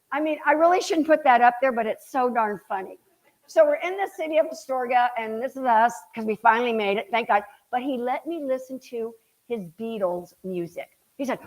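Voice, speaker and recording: A woman's voice: a little high, moderate pace, poor audio. Chatty woman telling a travel story. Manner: chatty, animated storytelling with quoted voices. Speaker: speaker giving a slide talk. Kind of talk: casual talk to an audience.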